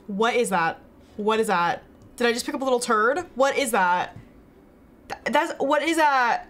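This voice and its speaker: A high-voiced young woman chats her way through a video game on a live stream, laughing easily and talking to her viewers. Her pitch swings widely, her pace stays relaxed, and game music plays faintly behind her. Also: moderate pace. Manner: chatty, giggly, talks to chat while playing. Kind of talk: casual live-stream gameplay chat.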